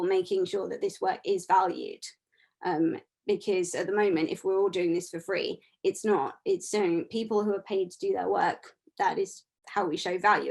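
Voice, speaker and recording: Gravelly-voiced woman panelist on a video call. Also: medium pitch, a little mellow. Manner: earnest, rambling. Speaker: repertoire consultant and panelist. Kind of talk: online panel talk.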